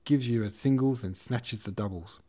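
A man's voice: medium pitch, normal speed, mellow, slightly rough, lightly acted. Denisov, a man doing a hot-tempered lisping officer. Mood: blustering. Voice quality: cannot pronounce his R's. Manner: blustering, swearing. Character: gruff hot-tempered young male cavalry officer.

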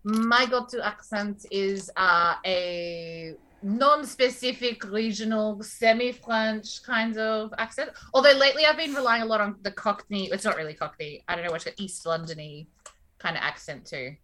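A woman's voice: mid-range voice, moderate pace, sharp tone, slight background noise. A woman, co-hosting a podcast in casual chat and teasing her co-host playfully.

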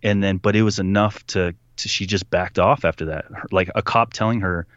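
A man guest telling a personal story in a casual, animated way, acting out what people said. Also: sits low, a little fast, no room sound, dull audio. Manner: animated retelling, acting out quotes. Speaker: podcast guest.

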